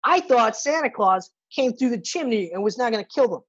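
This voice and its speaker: Profane, animated woman podcast host; dull lo-fi audio. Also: a little high, fairly quick. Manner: animated retelling, profane, acts out characters' lines. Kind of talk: casual movie review chat.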